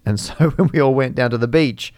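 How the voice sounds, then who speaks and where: A man's voice: medium pitch, fairly quick, a little mellow, no echo, clean studio sound. A man co-hosting a podcast, chatting casually and laughing through his stories. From Australia. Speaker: podcast co-host. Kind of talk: casual chat.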